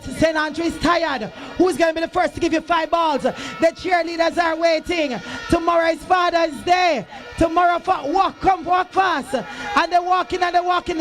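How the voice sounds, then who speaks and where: Very high-voiced shouting Jamaican man. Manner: shouting, sing-song, teasing the crowd. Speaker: event emcee. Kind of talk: loud hype announcing at a school sports day. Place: outdoor school sports field.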